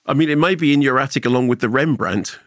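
A man co-hosting a casual chat, retelling film scenes and jokes in an animated, laughing way. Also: medium pitch, quick pace, no echo. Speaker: podcast co-host.

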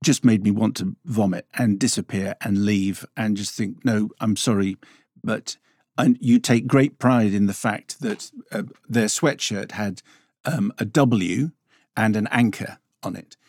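A middle-aged man in casual chat, talking haltingly with many fillers and restarts. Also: fairly low pitch, a little mellow, no echo, clean studio sound. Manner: hesitant, halting with frequent fillers.

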